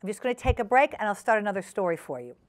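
A woman's voice: mid-range voice, very animated, rapid-fire. Woman reading a children's story aloud. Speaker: storyteller host. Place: studio.

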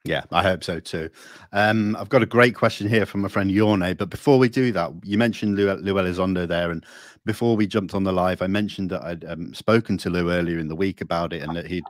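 A man hosts a live interview over a video call. His voice is very deep and sounds dry and close. He talks in a relaxed, friendly way. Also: fairly quick, dry recording. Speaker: host.

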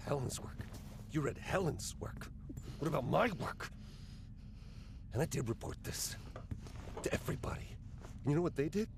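An actor playing a bitter, desperate male scientist in a game, shifting between quiet and intense lines. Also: a little high, animated, normal speed, creaky, long pauses, background noise. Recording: game audio over music.

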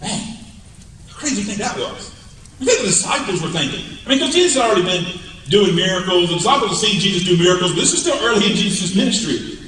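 A man preaching a sermon, telling the story with animated emphasis and building to emphatic peaks. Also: high voice, fast talker, distant mic. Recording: echoey hall, mic from afar.

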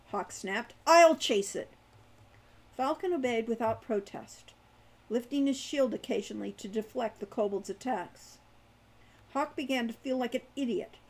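A woman reading her own young adult fantasy novel aloud in a lively storytelling way. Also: on the high side. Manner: animated narration.

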